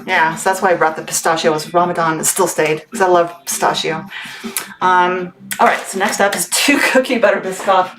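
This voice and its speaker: Over music, a woman speaks in a fairly low, steady voice at a brisk pace. She's a small business owner, chatty and bubbly with frequent laughter, hosting a laid-back livestream sale for her family business while packing orders at home. Background noise and clicks are present in the recording.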